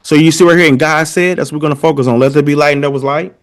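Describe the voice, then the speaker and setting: A man's voice: a little high, fairly even intonation, rapid-fire. A man teaching a lesson, explaining points emphatically and checking in with his listeners as he goes. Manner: emphatic, addresses listeners directly, checks in often. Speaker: teacher presenting a language comparison. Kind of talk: lecture-style explanation.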